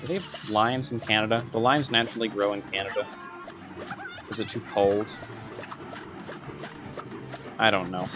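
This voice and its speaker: A man's voice: on the low side, fairly even intonation, moderate pace, long pauses, over music. A man giving gameplay commentary, muttering sarcastic asides to himself and breaking into frustrated outbursts. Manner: sarcastic, rambling self-talk while playing. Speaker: gaming video creator.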